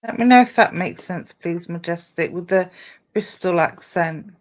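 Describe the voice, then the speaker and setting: A woman giving a live psychic card reading, her tone soft and reassuring as she speaks straight to the viewer. She keeps up a warm, comforting patter full of endearments while relaying messages to them. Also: fairly low pitch, normal speed. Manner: gentle, reassuring, calls listeners "my darling". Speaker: psychic medium.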